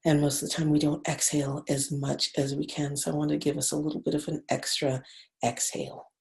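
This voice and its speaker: A woman leading an online class over a video call, gently guiding breathing and counting the breaths aloud in a soothing way. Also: low voice, flat delivery, fast, creaky. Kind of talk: guided breathing and laughter class.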